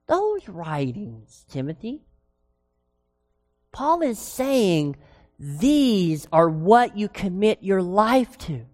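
A woman preacher delivers a sermon at an unhurried pace, her voice rising and falling through a wide, lively pitch range. She leans on key words and asks the congregation questions. Her voice rings with the long reverb of a large church hall.

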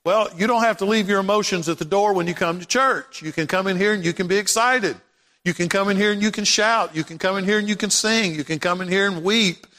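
A man's voice: sits high, brisk, sharp tone. A man preaching a sermon as pastor, praying and then building to emphatic, repeated lines. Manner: impassioned preaching, rising to emphatic repetition. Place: church sanctuary. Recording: long hall reverb.

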